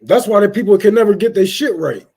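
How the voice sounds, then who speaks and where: A young man hosting a casual livestream, cursing loudly and laughing as he rants and thanks donors. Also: high-pitched, fast talker, vocal fry, breathy edge. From Detroit. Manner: profane, loud, laughing rants. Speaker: livestream host.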